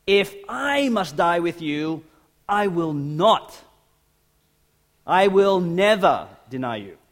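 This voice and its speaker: Casting: a man doing Peter, an eager adult male follower, loud and emphatic, pitched high. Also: very animated, slow pace, full character voice. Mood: emphatic vow. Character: Peter, an adult male disciple, boldly vowing loyalty.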